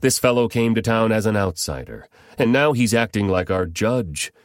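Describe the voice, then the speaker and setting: Guy reading a nasty mob making threats, low voice raised, dry. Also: lively intonation, moderate pace, no echo, close to an everyday voice. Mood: threatening. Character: hostile, threatening mob of men.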